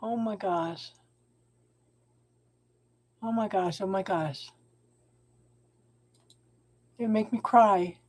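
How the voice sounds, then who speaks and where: A middle-aged woman, hosting a live tarot reading and advising viewers in a warm, encouraging way, calling them hon. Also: mid-range voice, extremely slow, long pauses. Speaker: tarot reader and channel host.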